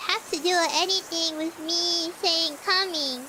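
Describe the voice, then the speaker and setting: A woman streamer chatting casually with her viewers while gaming, giggly and halting, often repeating words, playfully cutesy and petulant. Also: extremely high pitch, fairly even intonation, noisy background.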